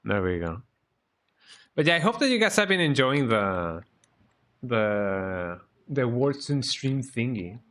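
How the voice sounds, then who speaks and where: Streaming a video game, a man chats casually and rambles, ending plenty of lines with "eh?". His voice is medium-pitched, slow-paced, with frequent pauses.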